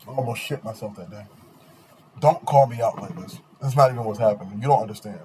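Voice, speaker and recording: A man's voice: fairly low pitch, quick pace, mellow, slight background noise, poor audio. A young man hosting a podcast, telling loose, profane stories in casual chat. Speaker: podcast host.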